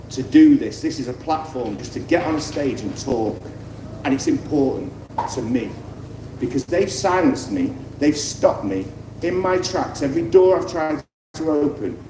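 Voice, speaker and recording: A man, a former footballer, giving a heartfelt, repetitive speech on an outdoor festival stage. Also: medium pitch. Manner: heartfelt, repetitive, rising to impassioned. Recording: echoey outdoor PA, distant, noisy crowd.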